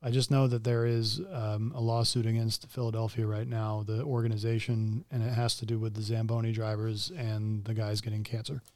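A man's voice: on the low side, flat delivery, brisk, few pauses, a little mellow, dry recording. A man co-hosting a podcast, talking in a casual, joking way with stubborn rants. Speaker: podcast co-host. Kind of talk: casual chat.

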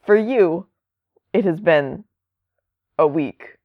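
Woman podcast host, slow and lowish, dry dull lo-fi sound, chatty explainer. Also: expressive, no echo. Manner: chatty, explaining at length with asides. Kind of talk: casual chat.

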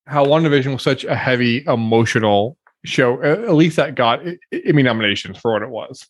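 A man co-hosting a podcast over a video call, delivering his jokes deadpan. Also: medium pitch, a little fast, no room sound. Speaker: podcast co-host. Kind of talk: casual chat.

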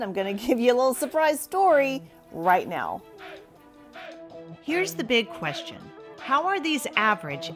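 Woman host, casual storytelling, chatty, expressive, laughs a lot. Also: on the high side. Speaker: host of a show for moms.

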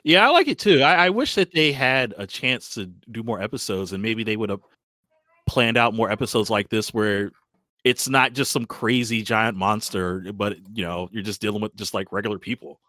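Brief: male podcast panelist, lowish bright voice, dry close sound, halting delivery. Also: lively intonation, dry recording. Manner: hesitant, repeats words while thinking. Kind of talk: casual chat reviewing a cartoon episode.

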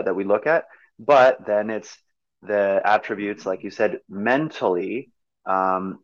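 A man's voice: fairly low pitch, no echo, highs cut off. A man talking as a movement coach in an interview, explaining eagerly with many fillers and restarts. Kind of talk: conversational interview.

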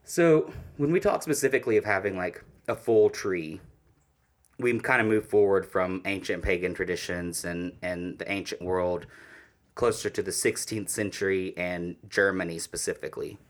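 Dude on a podcast, kinda low voice, opinionated history chat, curses a bit. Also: male voice, moderate pace. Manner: opinionated, swears, ranting asides with laughs. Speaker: podcast co-host.

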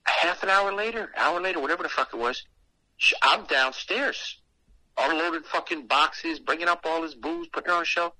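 A man with a higher-than-average voice and a very bright, cutting edge tells a story in a loose, animated way, swearing freely as he goes. The sound is close and completely dry, with no room around it. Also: a little fast, no echo, rough recording. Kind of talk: casual storytelling.

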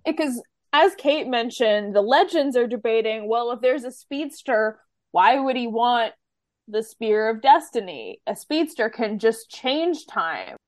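A woman's voice: on the high side, animated, a little slow, a little mellow, dry recording. Wry woman podcast co-host. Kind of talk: casual chat recapping a TV episode.

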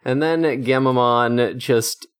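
A man's voice: medium pitch, slow, clean tone. A man co-hosting a casual podcast chat, laid-back, retelling scenes by quoting the characters. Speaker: podcast co-host. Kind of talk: casual chat recapping an episode.

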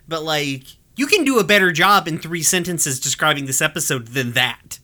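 Bright, chatty podcast host with frequent laughter. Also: mid-range voice, normal speed. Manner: animated, swears freely, laughs often; chatty with many fillers and restarts. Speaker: podcast host recapping an episode. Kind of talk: casual chat.

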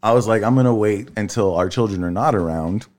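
A man in his thirties telling a family story in casual chat, tired, swearing freely and leaping up in pitch when he quotes people. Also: brisk. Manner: animated storyteller, swears freely, jumps high when quoting. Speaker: podcast co-host.

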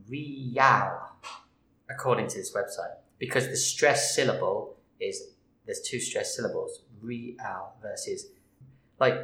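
A man's voice: lowish voice, a bit bright, reverberant, poor audio. A man co-hosting a casual podcast chat, explaining emphatically. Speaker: podcast co-host.

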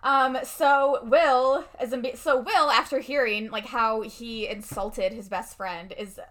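Young female co-host, bright tone, casual recap, lots of fillers and laughter. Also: a little high, fairly even intonation. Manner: laughs often, quick reactions, many fillers. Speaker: podcast co-host recapping a film. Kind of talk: casual chat.

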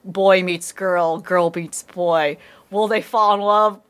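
A woman's voice: fairly low pitch, steady tone, takes it slowly. A woman in casual anime review chat, rambling, swearing, and laughing often.

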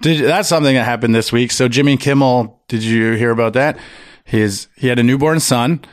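A man in casual podcast chat, animated and profane, often mimicking other people's voices as he tells stories. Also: mid-range voice, normal speed, no echo, studio quality. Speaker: podcast guest.

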